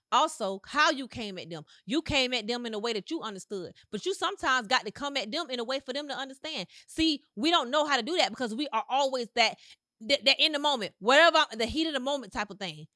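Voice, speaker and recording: A woman hosts her own podcast, talking in a punchy, repetitive, motivational way with loose slangy phrasing. Her voice sits high and bright. The recording is dry and close, with almost no room sound. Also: lively intonation, a little fast, no room sound. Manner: emphatic, repetitive, preachy. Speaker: podcast host. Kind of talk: motivational monologue.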